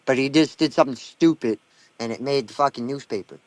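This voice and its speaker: A man's voice: mid-range voice, fast, dry recording. A man in his thirties with a Down East Maine accent, telling stories bluntly and with lots of swearing in casual chat. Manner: blunt, profane storytelling.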